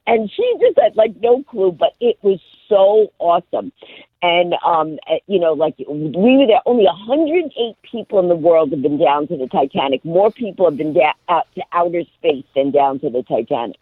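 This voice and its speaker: A woman guest tells a story with lively energy and does voices for the people in it. Her pitch swings widely and her voice is husky. The sound is dry and tinny, like a phone call. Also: moderate pace, no echo. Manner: lively, acts out every character. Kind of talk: animated storytelling on a radio call-in.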